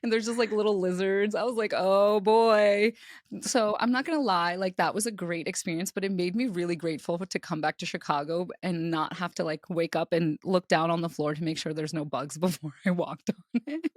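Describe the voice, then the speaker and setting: A woman's voice: lowish voice, a little fast, hardly any pauses, no room sound, clean studio sound. A woman co-hosting a podcast, telling stories animatedly and laughing often. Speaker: podcast co-host. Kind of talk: casual chat.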